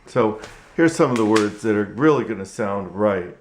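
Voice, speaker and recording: A man teaching ventriloquism in a tutorial vlog, halting and repetitive, with frequent restarts. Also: on the low side, animated, a little hiss or hum. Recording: echoey room.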